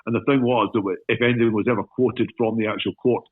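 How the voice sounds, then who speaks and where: A man's voice: lowish voice, fast talker, dry recording. A Glaswegian man, an actor guest on a podcast, joking and swearing in casual chat. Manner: jokey, self-deprecating, lively storytelling with swearing. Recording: tinny, phone-like remote call line.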